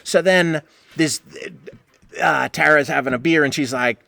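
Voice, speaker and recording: Middle-aged New man, casual storyteller, bright forceful voice, very dry close sound. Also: fairly high pitch, moderate pace, vocal fry, no echo. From New England, United States. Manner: animated, profane, acts out quoted voices. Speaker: podcast host telling a story.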